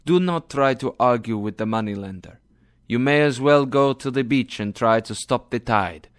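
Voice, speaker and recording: A man voicing a resigned merchant in a read-aloud story, calm and weary. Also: mid-range voice, moderate pace, lightly acted.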